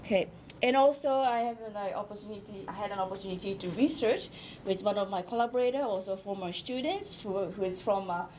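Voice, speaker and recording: A woman linguist giving an academic presentation, explaining her slides step by step with frequent pauses and hesitations. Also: mid-range voice, a little mellow, slight background noise, low-quality recording.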